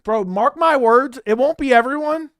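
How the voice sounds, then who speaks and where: Excitable young man reacting to a fight. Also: very high-pitched, normal speed, clean tone, dry recording, clean studio sound. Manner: animated, swearing, repeats himself, bursts into loud outbursts. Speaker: host reacting to a live fight. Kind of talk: excited live watch-along chat.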